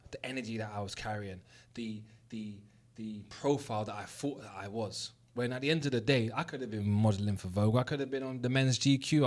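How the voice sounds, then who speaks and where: This is a motivational monologue in which a young male host with a London accent, from South West London, shares a story of his own with his audience. He speaks candidly and sincerely at an everyday middle pitch, cursing liberally to drive the message home.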